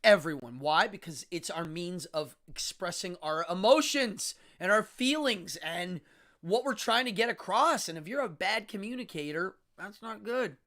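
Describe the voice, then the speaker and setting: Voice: medium pitch, animated, moderate pace, a bit bright. A host in their fifties talking alone on a live stream, in a teacherly way, enunciating carefully and stretching words for emphasis. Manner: demonstrative, teacherly, acts out sounds. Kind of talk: casual solo live-stream monologue.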